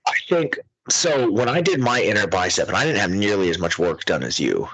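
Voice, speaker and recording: A man's voice: fairly low pitch, big pitch swings, brisk, a crowd in the background, rough recording. A man hosting a podcast, talking in a crude, mocking, profane casual chat. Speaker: podcast host.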